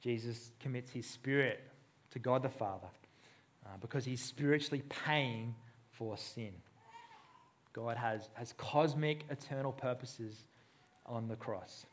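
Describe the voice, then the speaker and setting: A man's voice: mid-range voice, a little slow. A man preaching a sermon in a conversational way, acting out the voices he quotes. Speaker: pastor.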